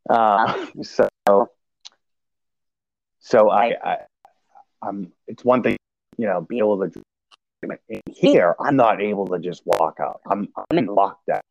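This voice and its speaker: A man casually telling a personal story in a halting way, with many restarts and fillers. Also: fairly low pitch, creaky, no echo, muffled recording. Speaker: podcast guest sharing recovery story.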